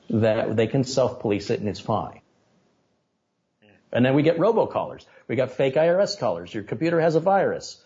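A man being interviewed on a podcast, telling stories and making animated, opinionated points. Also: medium pitch, dull audio. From United States. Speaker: guest, tech video maker.

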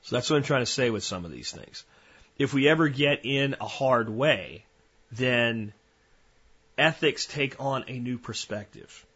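Man, husky voice, podcast host, folksy rambling talk, slightly muffled lo-fi audio. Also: medium pitch, unhurried, a bit bright.

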